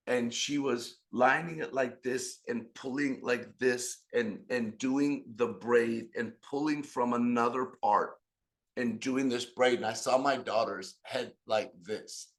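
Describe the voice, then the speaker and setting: A middle-aged man giving an animated motivational business talk on a video call, telling stories and speaking to the audience directly. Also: mid-range voice, gravelly. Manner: animated storytelling with audience asides. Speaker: business trainer.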